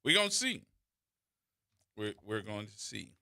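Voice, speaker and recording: New man, radio host, lively swinging pitch, sharp forceful tone, dry studio mic. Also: a little slow, gravelly, no room sound. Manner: animated storytelling, repeats and restarts. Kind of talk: call-in talk radio monologue. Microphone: studio microphone.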